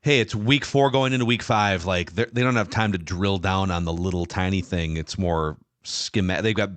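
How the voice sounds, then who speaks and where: A man with a lowish voice co-hosts a casual football podcast, recorded close and dry. He speaks conversationally, adding analysis and moving the show along. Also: moderate pace, a bit bright, no room sound. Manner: conversational, adds analysis, steers to audience questions. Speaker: podcast co-host. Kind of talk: casual sports podcast chat.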